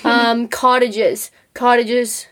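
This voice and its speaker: Woman from Canada, co-host, bubbly, energetic, high-pitched, casual chat. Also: drawn-out words, faint music behind. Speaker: stand-in co-host.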